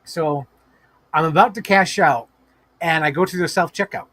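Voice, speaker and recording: Excitable, profane man on a live stream. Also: fairly high pitch, normal speed, no echo. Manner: animated, profane, laughing storyteller. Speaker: toy collector live streamer. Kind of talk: casual live-stream storytelling. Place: home room with toy shelves.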